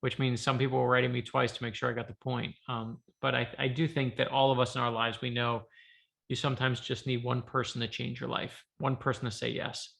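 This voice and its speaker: A middle-aged man with a bright, slightly gravelly voice, telling stories in a casual interview. He acts out the people he quotes with animated energy. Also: medium pitch, fairly quick. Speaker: author guest.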